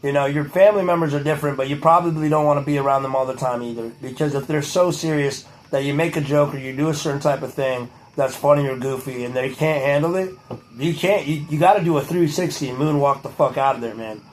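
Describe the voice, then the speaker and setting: A man's voice: on the high side, fast talker, slight background noise, natural voice, rough recording. A man doing a rambling, boastful older public figure. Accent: Boston. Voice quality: rambling, repetitive, profane. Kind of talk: comedic impression monologue.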